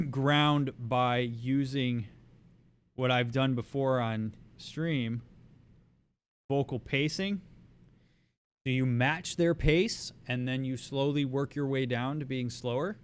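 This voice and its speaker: A man speaking as a therapist, giving a calm, explanatory lecture on a livestream. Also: mid-range voice, clear, resonant tone. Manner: calm, explanatory, acts out soothing reassurance.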